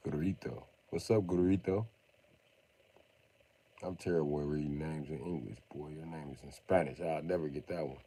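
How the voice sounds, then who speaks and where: A man's voice: very deep voice, fairly quick, dark tone, distant mic. A man from the upper Midwest hosting a casual livestream, greeting chat viewers by name in a laid-back way. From Upper Midwest, USA. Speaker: livestream host. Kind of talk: casual live-stream chat.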